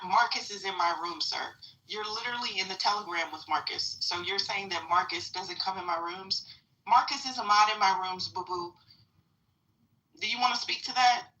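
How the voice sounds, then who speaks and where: A woman's voice: on the low side, pushed and bright, recorded from a distance, poor audio. A middle-aged woman hosting a live audio chat room, talking bluntly and casually, swearing freely and addressing the listeners directly.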